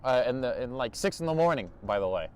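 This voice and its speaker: A young man telling a storytime vlog, animated, restarting and repeating himself, laughing often. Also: medium pitch, quick pace, smooth, soft background music. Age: young adult. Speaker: vlogger.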